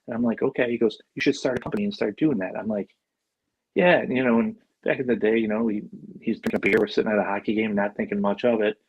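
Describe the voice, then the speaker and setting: On a muffled recording with slight background noise, a fast-talking man with a fairly low pitch tells casual stories. He's a Buffalo, New York native in his forties, guesting on a podcast and animatedly performing the voices of those he quotes.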